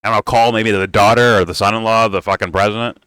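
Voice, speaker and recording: Bright-voiced, profane ranting man. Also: fairly low pitch, steady tone, fast talker, clean tone, no room sound. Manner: heated, profane and sarcastic. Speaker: political commentator. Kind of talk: casual reaction rant.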